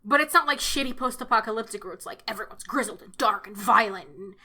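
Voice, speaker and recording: Female co-host, high-pitched, bright, animated and gushing, casual profanity. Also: quick pace. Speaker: podcast co-host. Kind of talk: casual chat.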